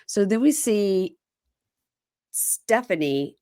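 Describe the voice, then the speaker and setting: A woman's voice: fairly low pitch, animated, normal speed, a bit bright, dry recording, clean studio sound. A young adult woman co-hosting a casual chat, retelling scenes and quoting people in voices. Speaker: podcast co-host recapping a reality show.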